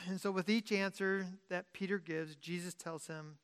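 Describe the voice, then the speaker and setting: A pastor preaching a sermon in a conversational way, often restarting and correcting himself, and moving between loud emphasis and quiet asides. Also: medium pitch, steady tone, normal speed, clean tone.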